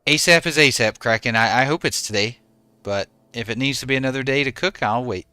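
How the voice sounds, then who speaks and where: A man's voice: mid-range voice, a little fast, sharp tone, clear, resonant tone, dry recording. A man in his forties, a game streamer chatting casually with his viewers and answering them by name.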